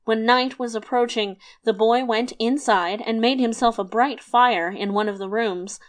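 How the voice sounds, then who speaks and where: A woman narrating a fairy tale in a lively, expressive storybook reading. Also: on the high side, measured pace.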